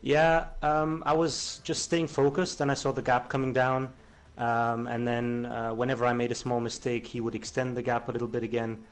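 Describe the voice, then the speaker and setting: Racing driver, mid-pitched man, calm answers full of fillers. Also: moderate pace. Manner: steady answers broken by ums and uhs. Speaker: racing driver, second place. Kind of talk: post-race interview.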